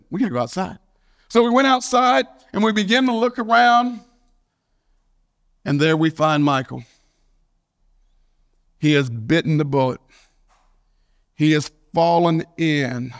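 Man, pastor, sermon, high voice, storytelling delivery. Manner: storytelling, animated, with shouted quotes of a friend's catchphrase.

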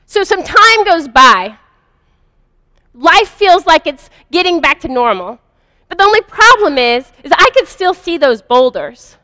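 Woman speaker, high bright voice, earnest confessional storytelling, long hall reverb. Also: big pitch swings, measured pace. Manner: earnest, confessional, vivid retelling. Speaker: speaker sharing a personal story. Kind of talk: first-person spiritual storytelling.

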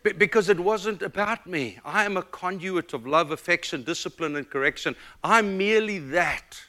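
Middle-aged male pastor from Africa; bright, forceful sermon delivery with big dynamic swings. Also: sits high, normal speed. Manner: dynamic preaching, swings from loud emphatic to hushed and tender.

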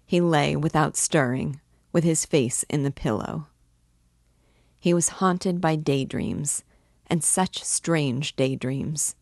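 Brief: woman reader for a novel reading lesson, low and measured, dry close mic. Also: vocal fry, darkish tone, no room sound. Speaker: literature teacher reading aloud. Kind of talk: novel read aloud.

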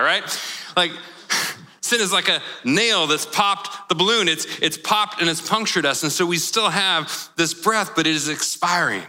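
A man preaching a sermon in a relaxed, conversational way, telling a personal story with casual slang. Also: on the high side, normal speed, long reverb tail. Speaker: pastor.

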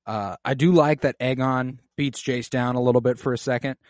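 A man casually recapping a TV episode with a co-host, excited and profane as he retells the scenes. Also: medium pitch, normal speed, dry recording. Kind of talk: casual show recap chat.

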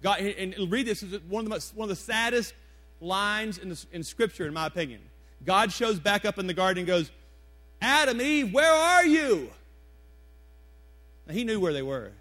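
A man's voice: high voice, brisk, pushed and bright. A man in his forties, a pastor preaching to his congregation in a church, talking conversationally with emphatic repetitions and questions to the room. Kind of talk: sermon. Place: church sanctuary before a congregation.

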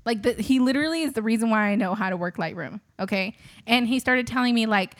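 A woman's voice: on the high side, fast talker, no room sound, studio quality. A woman who is a wedding photographer and host, telling a story casually to her listeners, chatty with many fillers and frequent laughs.

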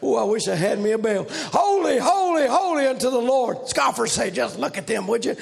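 Animated and brisk, a man preaches a revival sermon in a high, heavily gravelly voice. He keeps swinging into loud shouted runs driven by a strong preaching cadence.

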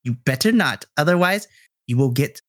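A woman's voice: low-pitched, expressive, normal speed, slightly rough, dry recording, studio quality. A man voicing a doting, chatty middle-aged Mexican mother who fusses over her son and his friends. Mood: scolding. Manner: fussy, sprinkles Spanish endearments. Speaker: troop member's mother.

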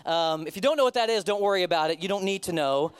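Middle-aged pastor guy preaching, high voice that swings all over, chatty and joking. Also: fast talker, clear, resonant tone. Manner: animated, conversational, self-mocking asides. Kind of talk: sermon.

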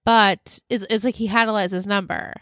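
In a dry, clean studio recording, a female podcast co-host excitedly chats through a TV episode recap and acts out its dialogue. Her medium-pitched voice has a fairly bright tone, fairly even intonation, and a moderate pace.

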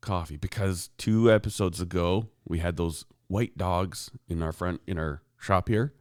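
A man's voice: sits low, measured pace, a little mellow, clear, resonant tone, no echo, clean studio sound. A man co-hosting a casual podcast, telling a long rambling story and acting out the people in it. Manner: rambling storyteller, acts out quoted neighbor. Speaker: podcast co-host. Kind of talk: casual chat. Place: rural home shop.

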